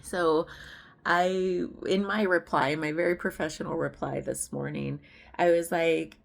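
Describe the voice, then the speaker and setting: A woman's voice: deep voice, fairly even intonation, a little slow, gravelly. A woman therapist talking through a personal reflection in a rambling, self-reflective monologue, often chuckling to herself.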